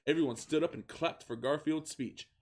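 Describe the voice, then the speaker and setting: A man doing a comedic reading of fan fiction, keeping a flat voice and often breaking into laughter. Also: a little high, normal speed.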